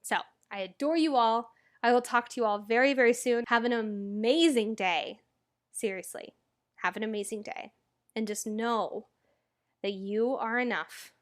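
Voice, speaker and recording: A young woman hosts a motivational podcast in an earnest, chatty monologue full of casual asides. Her voice sits a little higher than most women's. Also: a little slow. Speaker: podcast host.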